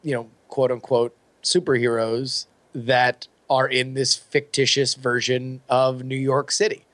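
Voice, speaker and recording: A man co-hosting a casual talk show, upbeat and talking in quick bursts. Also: medium pitch, level tone, fairly bright tone, dry recording. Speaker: podcast co-host. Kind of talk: casual chat.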